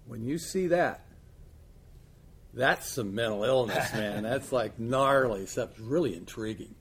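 A man's voice: medium pitch, measured pace, breathy edge. A man talking as a recovery sponsor in a rambling, blunt way, full of fillers and asides. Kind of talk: casual chat.

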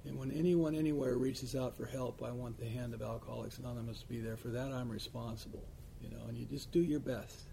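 A man with a gravelly, creaky voice speaks as a recovery sponsor in loose, rambling chat. He talks bluntly, with plenty of fillers and asides. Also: medium pitch, fairly even intonation, fast, mellow, a little hiss or hum. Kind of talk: casual chat.

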